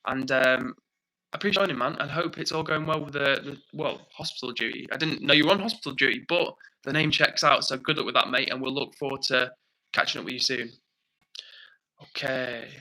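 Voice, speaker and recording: A young British man hosting a livestream, chatting casually, reading out viewer comments and thanking people warmly. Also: mid-range voice, brisk, low-quality recording. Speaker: livestream host.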